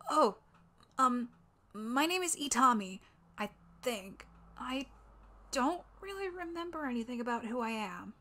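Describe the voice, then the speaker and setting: A woman voicing a young amnesiac boy who is timid and sweet, talking hesitantly with soft ums, in a voice acting audition. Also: a little high, animated, measured pace, pauses often, slight background noise. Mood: unsure.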